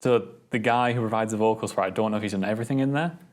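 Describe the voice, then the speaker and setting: A man's voice: fairly low pitch, very fast. A young man from Britain co-hosts a casual film chat. He talks with loose enthusiasm, piling up fillers and restarts as he gets to his point. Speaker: film review podcast co-host.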